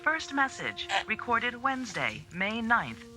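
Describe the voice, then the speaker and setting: A woman's voice: a little high, sing-song, unhurried, bright, forceful tone, soft background music, heavily acted. An actress voicing a female automated voicemail system in a TV drama, making formal announcements. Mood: neutral.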